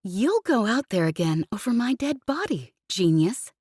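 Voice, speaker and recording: A woman's voice: mid-range voice, very animated, unhurried, a little mellow, no room sound, studio quality, voice pushed up. A woman reading the part of a brash, protective female smuggler pilot in an audiobook, cocky and snapping.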